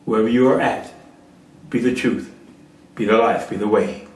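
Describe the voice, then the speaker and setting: A man's voice: fairly low pitch, fairly even intonation, normal speed, a little mellow. A man preaching a sermon, telling a parable and rising to emphatic peaks. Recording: echoey room, far from mic.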